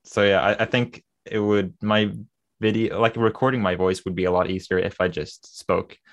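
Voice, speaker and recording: A man's voice: lowish voice, fairly even intonation, normal speed. A man from Sweden, a native Swedish speaker with an American-leaning English accent, chatting hesitantly as a podcast guest. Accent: Swedish-influenced American English. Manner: hesitant, many restarts and fillers. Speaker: podcast guest, digital artist. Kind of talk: casual podcast chat.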